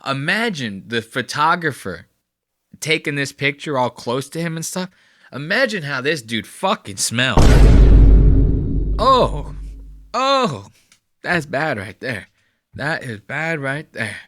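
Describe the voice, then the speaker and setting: A man's voice: mid-range voice, expressive, a little slow, bright, forceful tone, no echo, studio quality. A man hosting a podcast, giving a mocking, profane reaction commentary on clips. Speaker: podcast host.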